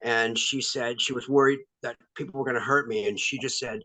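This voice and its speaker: A male actor as interview guest, talking candidly and pausing often with ums. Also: medium pitch, steady tone, bright, forceful tone, dry recording, low-quality recording. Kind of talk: casual interview.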